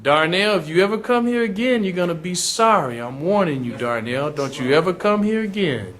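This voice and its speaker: A man voicing an ominous older Creole woman who issues low, slow warnings and keeps repeating a name. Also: animated, a bit bright, slight background noise. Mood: menacing.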